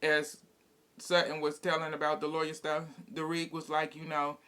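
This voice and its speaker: A man's voice: on the high side, completely flat delivery, moderate pace, bright, forceful tone, smooth. A man casually recapping a reality TV episode, retelling scenes in a blunt, profane, gossipy way and quoting the cast as he goes.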